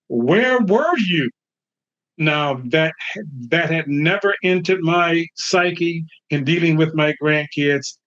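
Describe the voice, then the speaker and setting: A man's voice: fairly high pitch, a bit bright. An older man, a grandfather hosting a podcast, speaking earnestly about his grandchildren. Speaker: podcast host. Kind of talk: casual podcast talk. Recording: dull lo-fi sound.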